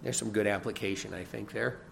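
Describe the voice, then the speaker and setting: In a lowish, fairly bright voice with vocal fry, a man preaches as a pastor at a fairly quick pace and a steady tone, with slight background noise. His sermon is earnest and emphatic, building points through repeated words, rising emphasis and occasional chuckles.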